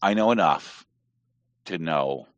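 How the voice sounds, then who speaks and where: A man from Southern Appalachia in the US chats casually on a podcast in an extremely low voice, taking his time, in a muffled recording with no echo. Animated, he rambles and digresses onto tangents.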